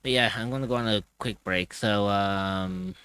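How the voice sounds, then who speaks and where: A male streamer from Ireland with a deep-pitched, bright and forceful voice. He talks in a loose, casual way, peppering his chat with swearing and laughs. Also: steady tone, normal speed, smooth, no echo.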